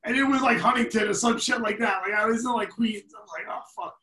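A man's voice: extremely high pitch, quick pace, recorded from a distance. A man, a podcast guest telling stories in a loose, profane, laughing way. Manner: profane, laughing, animated storyteller. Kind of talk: casual storytelling. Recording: echoey room, set back from the mic.

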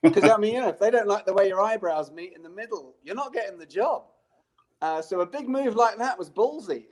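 A man's voice: high-pitched, expressive, brisk, a little mellow. A man telling a chatty anecdote, laughing as he goes. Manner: chatty, laughing through his story. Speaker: actor guest on a panel. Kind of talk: casual anecdote.

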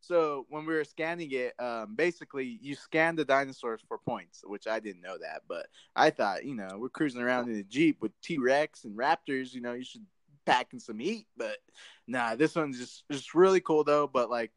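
Swearing freely and saying "dude" a lot, this podcast co-host spins casual, laid-back stories. He speaks with a medium-pitched voice at a moderate pace, and the recording is dry.

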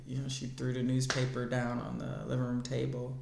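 Man, gravelly voice, earnest personal testimony, echoey room. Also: mid-range voice, monotone, fairly quick, background noise. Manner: earnest storytelling, acts out past conversations. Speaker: guest telling his life story.

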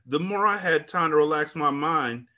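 A man's voice: on the high side, lively intonation, normal speed, bright, forceful tone. A man reading as a repentant older woman. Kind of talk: first-person book reading.

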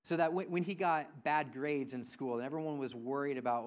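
Earnest guy preaching a sermon, goes quiet and tender then loud, says stuff twice for emphasis. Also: on the high side, expressive, moderate pace, few pauses. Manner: swings from soft, hushed tender lines to loud emphatic ones; earnest, repeats phrases for emphasis. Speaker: pastor.

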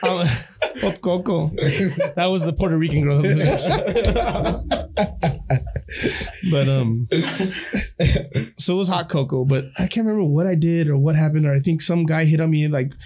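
A man's voice: fairly high pitch, normal speed, pauses often, dark tone. A man in his thirties, a teacher and musician, telling stories in laid-back podcast chat. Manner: laid-back storytelling, frequent swearing.

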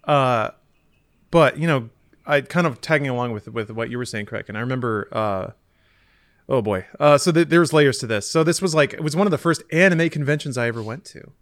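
A man's voice: medium pitch, animated, fairly quick, fairly bright tone, dry recording. Rambling man, dry close sound. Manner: rambling and self-deprecating, lots of fillers. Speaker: podcast co-host. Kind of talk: casual chat, storytelling.

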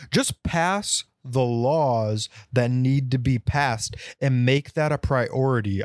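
A man's voice: mid-range voice, no room sound, clean studio sound. A young man from Michigan with a Midwestern accent, co-hosting a casual, opinionated chat with emphatic delivery. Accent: Midwestern American. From Michigan, USA. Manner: emphatic, animated, mocking put-on voices. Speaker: podcast co-host.

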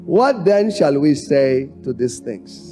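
A man preaching a sermon in short phrases for an interpreter, rising to shouts when he reads scripture. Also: fairly high pitch, big pitch swings, slow pace, soft background music. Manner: emphatic, rises to shouting on scripture.

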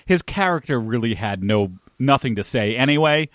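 A man's voice: mid-range voice, lively intonation, moderate pace, no echo, clean studio sound. A man co-hosting a podcast, chatting casually and a bit rambling about an old TV show, laughing easily. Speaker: podcast co-host.

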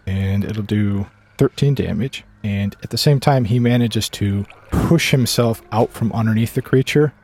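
Gravelly man playing a tabletop game. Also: lowish voice, a little slow, hardly any pauses, darkish tone. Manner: casual, describing actions. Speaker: player.

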